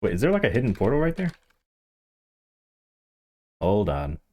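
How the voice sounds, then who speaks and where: A man's voice: on the low side, moderate pace. A man streaming a game, chatting casually and animatedly to the players with him. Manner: animated, yelps and laughs, chats to other players.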